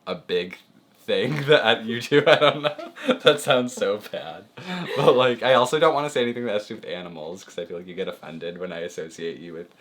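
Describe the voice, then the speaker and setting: A man's voice: fairly low pitch, fairly quick, a bit bright, a little hiss or hum. A young man chatting casually with his girlfriend on camera, laughing often and hedging with lots of fillers. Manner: giggly, hesitant, lots of fillers. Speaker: boyfriend, guest. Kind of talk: casual chat.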